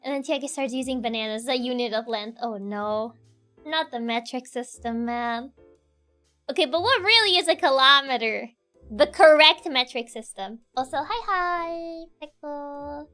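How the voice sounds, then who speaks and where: Over soft background music, a young woman streamer reads her chat aloud and talks with viewers in a giggly, playful, animated way, laughing frequently. She is a native Spanish speaker with a Spanish accent, and her high voice is slow.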